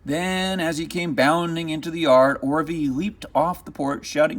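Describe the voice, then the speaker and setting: A man reading a children's picture book aloud as narrator, with expressive, dramatic storytelling. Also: a little high, moderate pace, few pauses.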